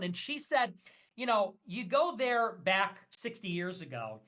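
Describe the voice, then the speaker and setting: A man's voice: high-pitched, a bit bright. A man talking as a guest on a casual livestream, ranting emphatically and with strong opinions, with frequent fillers.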